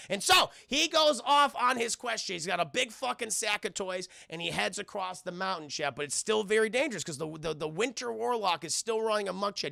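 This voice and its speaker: A young man recapping a film for his live chat, profane and excitable, constantly addressing the chat. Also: high-pitched, gravelly, dry recording, studio quality. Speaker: streamer reviewing a film. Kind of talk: casual livestream commentary.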